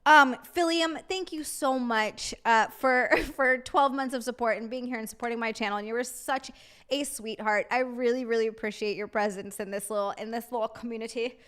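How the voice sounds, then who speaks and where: High, bright excitable woman streamer. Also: brisk, smooth. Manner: excitable, giggly, thanks viewers warmly. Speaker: live streamer. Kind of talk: casual live-stream chat with viewers.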